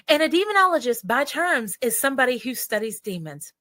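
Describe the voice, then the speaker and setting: A woman's voice: high-pitched, fairly quick, dry recording. A woman with an Appalachian accent, a psychic medium guest chatting casually in an interview and acting out the voices of people she quotes. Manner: animated storyteller, acts out quoted voices.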